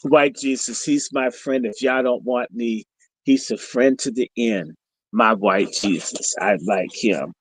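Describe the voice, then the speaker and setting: His voice is husky and medium-pitched, his pace measured: a middle-aged man hosting a podcast, giving a provocative, foul-mouthed, confrontational story monologue on a livestream as an animated storyteller. The recording is rough, with no room sound.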